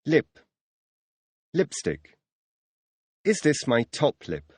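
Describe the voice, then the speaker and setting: A man's voice: on the high side, wildly swooping pitch, very slow, a little mellow, slightly rough, no echo, clean studio sound. A man reading the teacher's questions in a scripted audio language lesson, announcing new words between questions.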